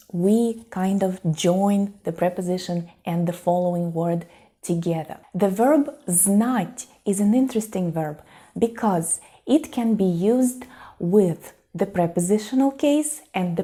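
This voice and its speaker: A woman whose first language is Russian, teaching an online language lesson with slow, careful explanations and example phrases. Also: medium pitch, dark tone.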